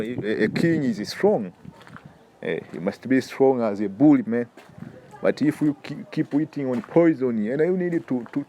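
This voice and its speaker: A man's voice: mid-range voice, mellow, slight background noise. A man with a Tanzanian accent giving an informal preaching lesson, emphatic and repetitive, often stumbling over repeated words and calling the listener "man". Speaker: religious health teacher.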